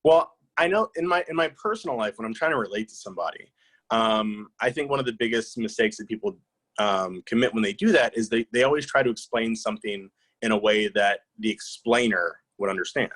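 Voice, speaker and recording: A man with a fairly low voice talks through his answers in a relaxed interview. He is reflective and anecdotal, circling back with "you know" and "right?" as he restarts his sentences. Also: a little fast, rough recording. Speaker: author being interviewed.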